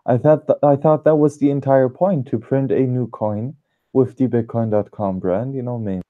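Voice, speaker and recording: A man's voice: medium pitch, fairly even intonation, moderate pace, phone-quality sound. A man hosting a live-streamed talk show, asking questions and trailing off at times. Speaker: host. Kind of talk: live-streamed casual discussion.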